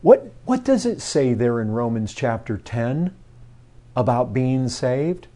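Male preacher, unhurried and emphatic, swinging from hushed to forceful delivery. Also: sing-song. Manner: emphatic, swings from low murmurs to loud declarations; asks the congregation questions. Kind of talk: sermon.

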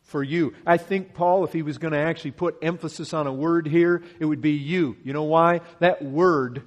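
A man preaching a sermon, working through scripture verse by verse. He swings from loud, pressing emphasis to hushed, slowed lines. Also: fairly high pitch, steady tone.

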